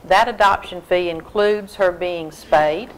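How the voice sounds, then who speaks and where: A woman's voice: fairly low pitch, measured pace, a little hiss or hum, rough recording. A woman, a humane society volunteer, explaining things earnestly in a casual interview. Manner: earnest, explanatory, frequent fillers.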